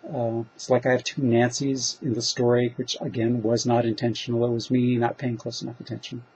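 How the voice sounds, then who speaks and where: A man's voice: mid-range voice, flat delivery, fairly quick, darkish tone, husky. A man who writes fiction, answering reader questions in a casual, rambling monologue, thinking aloud and poking fun at himself. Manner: rambling, self-deprecating, thinks aloud with fillers. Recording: dull lo-fi recording.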